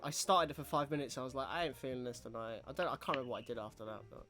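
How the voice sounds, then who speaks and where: A man co-hosting a podcast in casual, animated, rambling chat. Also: mid-range voice, very fast, music in the background. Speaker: podcast co-host.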